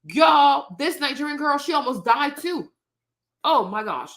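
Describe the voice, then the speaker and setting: A woman's voice: high voice, lively intonation, a little slow, fairly bright tone. A woman hosting her own show, talking straight to her viewers in outspoken, indignant casual commentary. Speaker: host.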